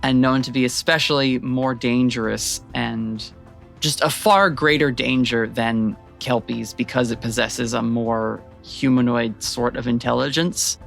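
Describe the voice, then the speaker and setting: A game master running a tabletop game describes each scene at length, filling the gaps with plenty of fillers. His gravelly, creaky voice sits at a middling pitch, a bit bright, with fairly even intonation and a measured pace, while faint music plays underneath.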